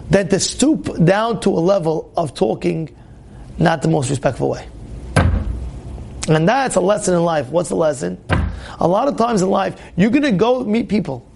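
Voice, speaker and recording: A man giving an informal Torah talk to young listeners, animated and repetitive, full of fillers and restarts. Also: high-pitched, creaky. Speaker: Torah teacher.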